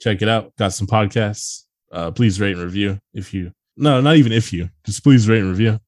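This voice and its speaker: Low-voiced man joking profanely on a podcast. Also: normal speed, a little mellow, dry recording, studio quality. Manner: profane, jokey, laughs often. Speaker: podcast host. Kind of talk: casual comedic podcast banter.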